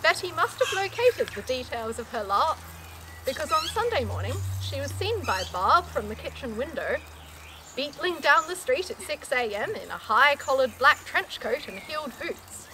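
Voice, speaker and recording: A woman's voice: high-pitched, very animated, moderate pace, noisy background. A woman reading a comic story aloud in an amused, playful way. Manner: amused, often laughing between lines.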